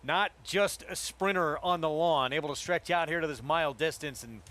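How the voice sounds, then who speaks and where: A man's voice: a little high, normal speed, a bit bright. A man giving enthusiastic race analysis in a broadcast. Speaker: racing analyst.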